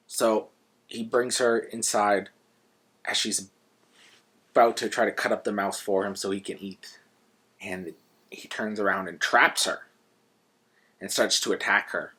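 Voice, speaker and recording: Man, book reviewer, casual retelling, conversational, low voice, breathy. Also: measured pace, long pauses. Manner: conversational, animated retelling, with restarts.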